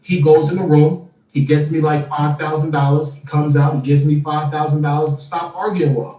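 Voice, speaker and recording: A man telling a long story as an interview guest, animated and often repeating words as he starts sentences. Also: a little high, a little fast, muffled recording. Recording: echoey room, far from mic, faint music.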